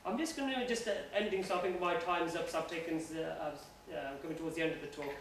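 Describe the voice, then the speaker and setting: Earnest male guest speaker, fairly high voice, informal religious talk, distant mic in a boomy room. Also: fast talker. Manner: earnest, conversational. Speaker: guest speaker at a university society. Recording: echoey room, voice from afar, faint noise.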